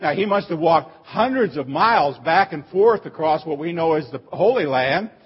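High husky pastor guy preaching, explains stuff then belts out the quotes, kinda muffled old recording. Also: animated, moderate pace. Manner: teacherly, swells to emphatic cries on quoted phrases. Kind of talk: sermon.

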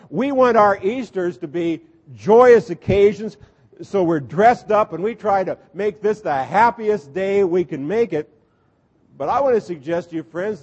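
A man's voice: high voice, husky, big-room sound, highs cut off. A man, a Lutheran pastor, preaching a sermon in a storytelling way, acting out the people in the story with humor. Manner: storytelling, animated, acts out voices with humor.

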